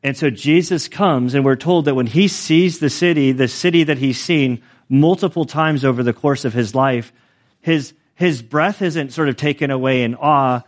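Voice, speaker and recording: Male pastor, mid-pitched, conversational sermon delivery with self-deprecating asides. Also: moderate pace.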